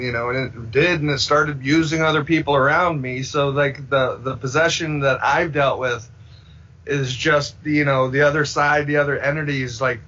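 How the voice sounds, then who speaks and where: A man's voice: fairly high pitch, bright, forceful tone, a little hiss or hum. A man guesting on a podcast, rambling casually and acting out the voices he quotes. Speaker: filmmaker guest. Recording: dull lo-fi sound.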